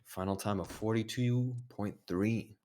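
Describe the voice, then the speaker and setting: A man's voice: lowish voice, measured pace. A man commentating a game tournament casually, reading out times and explaining the moves over a noisy voice chat recording.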